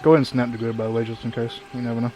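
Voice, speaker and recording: A man running a tabletop game as game master, who explains the rules patiently and in a relaxed way. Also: medium pitch, rapid-fire, a little hiss or hum.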